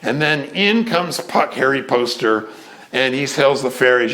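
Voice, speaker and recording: A man telling a theater anecdote in a lively way, acting out what people said and stalling with fillers as he hunts for names. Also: mid-range voice, measured pace. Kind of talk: anecdotal storytelling.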